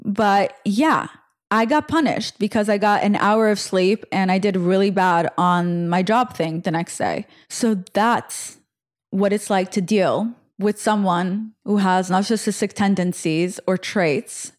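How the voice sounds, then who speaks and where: Woman, 20s, podcast host; casual, animated storyteller. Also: mid-range voice, unhurried. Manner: chatty, animated retelling with fillers.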